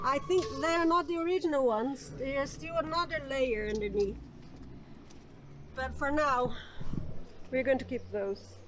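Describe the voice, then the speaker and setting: A woman's voice: sits high, unhurried, pauses often, noisy background. A woman from Brazil, chatting casually and hesitantly in a van life vlog, full of fillers and giggles. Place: outdoors by an old car. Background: music.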